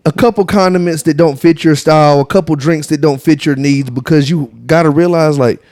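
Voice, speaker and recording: A man's voice: fairly high pitch, fairly even intonation, a little fast, no echo, clean studio sound. A man, a podcast guest, teasing and swearing in casual banter. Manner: loud teasing, swears freely.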